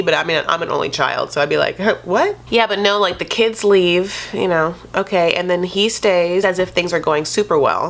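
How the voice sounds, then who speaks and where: A woman's voice: medium pitch, fairly bright tone. A woman recapping reality television in a sassy, gossipy, casual commentary style. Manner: sassy, gossipy, says "honey" and "like" constantly.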